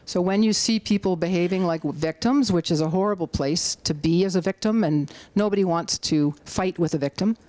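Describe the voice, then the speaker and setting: A middle-aged woman with a Canadian accent giving an animated public talk as an activist speaker, rallying her audience and acting out quotes in a high voice. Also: normal speed, few pauses, no echo. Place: community hall talk.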